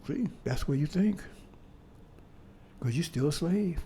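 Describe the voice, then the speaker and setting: Mellow-voiced man preaching in conversational style. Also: on the high side, expressive, slight background noise. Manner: conversational, repeats "see?" to the congregation; halting restarts, bursts of emphasis. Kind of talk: sermon.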